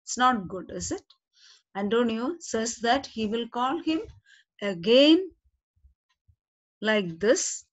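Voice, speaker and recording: A woman's voice: a little high, expressive, slow, pauses often, poor audio. A woman teaching literature, patiently explaining a play line by line and often checking with "okay?".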